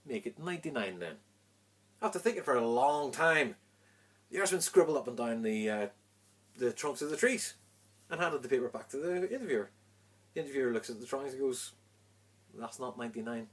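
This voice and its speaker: Animated husky man telling a joke. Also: medium pitch, fairly quick, pauses often. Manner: animated, acts out voices in punchlines. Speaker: joke teller. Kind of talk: storytelling a joke.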